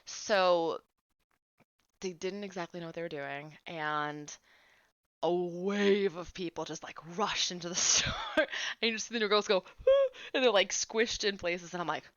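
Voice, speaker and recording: Woman in her late 20s, talkative game streamer; low-set, bright, clear voice, dry slightly lo-fi mic. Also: moderate pace, no echo. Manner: chatty storyteller, fillers of "like". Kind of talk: casual chat while streaming a game.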